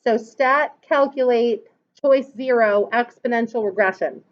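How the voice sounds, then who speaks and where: A woman's voice: fairly high pitch, measured pace. A woman teaching a math class, patiently walking through calculator steps and asking students questions. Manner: patient, explains step by step and asks the class questions. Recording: dull lo-fi classroom recording.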